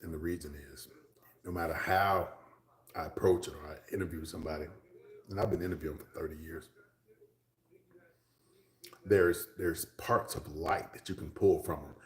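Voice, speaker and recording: A man's voice: low-pitched, fairly even intonation, normal speed, pauses often, echoey room. A man from Texas, chatting casually with livestream viewers, rambling along and dropping to a whisper for asides. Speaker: livestream host.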